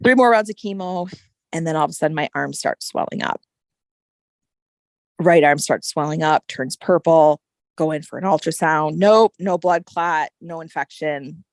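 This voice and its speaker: A woman guest telling a personal story in casual conversation, animated and full of "like" and "right?" fillers. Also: low-pitched, normal speed, dry recording, clean studio sound. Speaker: podcast guest.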